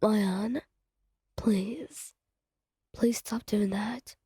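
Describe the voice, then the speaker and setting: A woman's voice: mid-range voice, fairly even intonation, extremely slow, husky, dry recording, clean studio sound, exaggerated voice. A woman whispering as Giyuu, a withdrawn swordsman. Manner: soft, hushed, reserved. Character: withdrawn, quiet young swordsman, gentle underneath. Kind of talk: whispered role-play.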